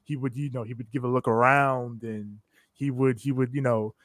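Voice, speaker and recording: A man's voice: medium pitch, steady tone, normal speed, no echo. Laid-back man with a dry close sound. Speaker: podcast co-host. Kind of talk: casual wrestling reaction chat.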